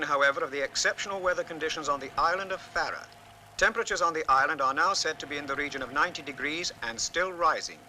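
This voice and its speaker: An actor playing a formal radio weather announcer, heard through a noisy old broadcast. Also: male voice, a little high, sharp tone.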